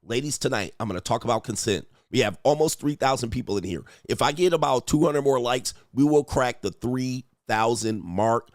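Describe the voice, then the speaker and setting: Gravelly guy doing a mocking profane rant, dry room. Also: medium pitch, normal speed, few pauses, no room sound. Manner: profane, mocking, repeats catchphrases. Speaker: livestream host and dating coach.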